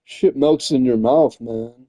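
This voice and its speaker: A man's voice: medium pitch, a little slow, dark tone, dry recording, studio quality. A man chatting casually while streaming, rambling and swearing, often tossing in "man" and "dude". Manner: rambling, profane, says "man" and "dude" a lot. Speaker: gaming streamer.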